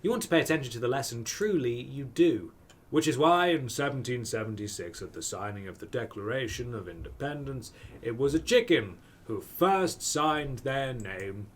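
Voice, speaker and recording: A man's voice: medium pitch, a little hiss or hum. A man streaming a dating game, reading the text aloud with playful, wry asides.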